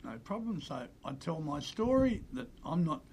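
An older Australian man telling animated stories as an interview guest, acting out the voices of the people he quotes. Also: fairly high pitch, unhurried, background noise. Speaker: interview guest, former player agent. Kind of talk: conversational storytelling.

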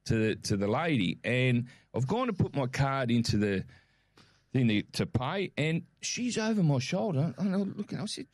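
A man with an Australian accent, co-hosting a casual show and telling a lively shopping story, acting out the voices in his quotes. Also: mid-range voice, normal speed, dry recording, clean studio sound. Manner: animated, acts out quoted voices. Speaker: podcast co-host.

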